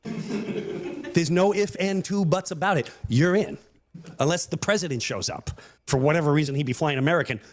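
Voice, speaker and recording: A man's voice: a little high, moderate pace, pauses often. A man with a Long Island accent telling a comic story, acting out each voice and trailing off as he goes. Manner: acts out every voice, keeps trailing off, voice gets louder when he acts angry. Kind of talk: animated comedic storytelling on a podcast.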